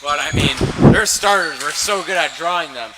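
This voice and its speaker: A young man giving color commentary at a school basketball game, eager and quick to shout at big plays. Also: on the high side. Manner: eager, bursts into excited shouts. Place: school gym. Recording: loud gym noise behind.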